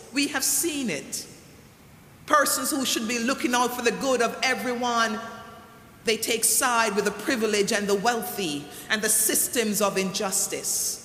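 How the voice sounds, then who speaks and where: A preacher delivering a sermon, repeating a lament refrain with drawn-out, slowed emphasis. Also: mid-range voice, bright, forceful tone. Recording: echoey hall, faint room noise.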